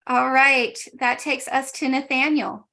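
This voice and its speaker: A woman moderating a spelling bee over a video call, giving brisk, matter-of-fact rulings. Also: high-pitched, flat delivery, pushed and bright. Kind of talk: running a live online contest.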